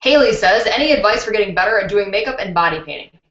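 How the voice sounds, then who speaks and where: Young woman, casual live-stream chat, candid and laughing, mid-pitched voice, roomy echo. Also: animated, fast, fairly bright tone. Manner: chatty and candid, laughs easily, many fillers. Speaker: beauty channel host. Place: indoors at home. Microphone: built-in computer mic. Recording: dull, roomy laptop-mic recording.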